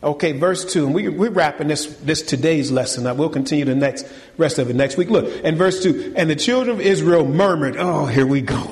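A man preaching a sermon to his congregation, animated and colloquial, firing rhetorical questions and calling them y'all. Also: a little high, fairly quick, few pauses, long reverb tail. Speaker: pastor. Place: church.

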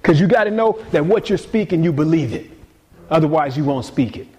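Pastor, male, fairly high voice; dynamic conversational preaching, quiet lows to emphatic peaks. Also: animated, brisk. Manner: casual conversational delivery with repeated words. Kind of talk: sermon.

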